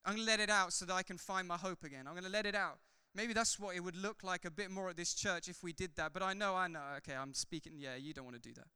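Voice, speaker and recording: Pastor guy preaching in a church, high bright voice, long echo off the hall. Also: fast, hardly any pauses, clear, resonant tone. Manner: impassioned preaching, swings from loud fervor to soft asides. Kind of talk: sermon.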